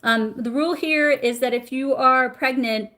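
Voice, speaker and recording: A middle-aged woman teaching acupressure on a live stream, chatty and warm, stopping to greet viewers. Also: high voice, moderate pace. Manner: warm, chatty, reads viewer comments aloud. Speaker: acupressure instructor. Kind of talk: live-streamed health lesson.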